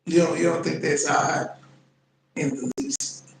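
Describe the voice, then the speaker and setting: High-voiced man mocking a clip. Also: level tone, a little slow, creaky, reverberant, slight background noise, poor audio. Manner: mocking, incredulous, blunt. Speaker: commentary channel host. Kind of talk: reaction commentary.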